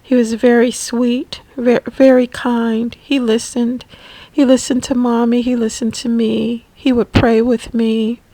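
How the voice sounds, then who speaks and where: A woman narrating a personal caregiving memoir, emotional and halting, often repeating words. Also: on the high side, flat delivery, dark tone, no echo, low-quality recording. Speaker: family caregiver.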